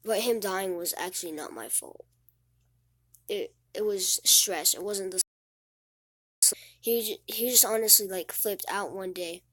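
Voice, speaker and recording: Teenage girl, casual vlog, sad and near tears, halting, repeats words, dry close sound. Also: medium pitch, a bit bright, dry recording.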